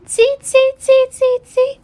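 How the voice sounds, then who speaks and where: Cheeky little storybook monkeys squeaking way up high. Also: female voice, monotone, slow, mellow. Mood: teasing. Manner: shrill repeated squeaks. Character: chattering mischievous tree monkeys, high and squeaky.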